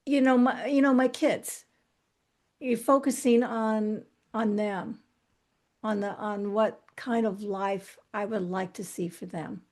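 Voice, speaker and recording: A woman's voice: mid-range voice, fairly even intonation, a little mellow. A middle-aged woman as an interview guest, talking candidly and reflectively about her past, often restarting her sentences. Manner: earnest, reflective, halting with restarts. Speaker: guest author.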